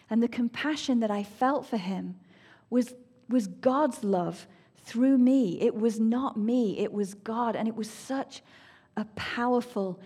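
A woman's voice: a little high, breathy edge. Earnest woman sharing a faith testimony. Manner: earnest, emotional, drops to soft near-whispers. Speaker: speaker sharing a personal testimony.

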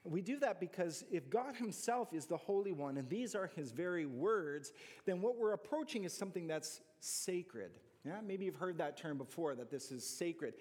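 A man's voice: high voice, lively intonation, moderate pace, a little mellow, long reverb tail. A man preaching an earnest, conversational sermon to his church, often asking his listeners questions. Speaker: pastor.

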